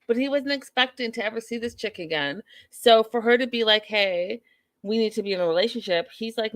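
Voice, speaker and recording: A woman's voice: a little high, brisk, a bit bright, no room sound. A woman hosting a show, giving a chatty, opinionated recap of a reality TV episode and greeting viewers from the live chat. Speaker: show host.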